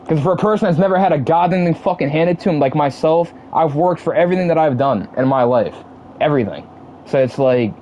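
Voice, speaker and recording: Young man venting on a livestream, heated, swears a lot, dark mellow voice, dull lo-fi mic, faint hum behind. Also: medium pitch. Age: 20s. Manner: heated, repetitive, profane. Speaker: livestream gamer. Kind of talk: casual venting to stream chat.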